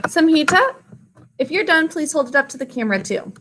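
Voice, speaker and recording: A woman's voice: high-pitched, sing-song, brisk, a bit bright, a little hiss or hum. A woman teaching an online spelling lesson to children over a video call, patient and careful as she sounds out words.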